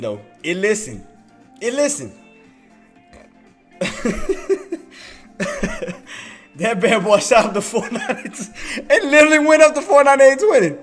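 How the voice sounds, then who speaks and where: A man's voice: high-pitched, fairly bright tone. A man streaming live trading commentary, playful and laughing often, repeating himself as he hypes the action. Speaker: day trader streamer.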